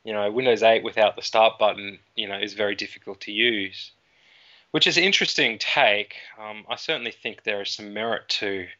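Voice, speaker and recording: Man, lowish voice, bright tense tone, guest technologist, rambling explanations, dull lo-fi recording. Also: brisk. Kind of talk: casual tech chat.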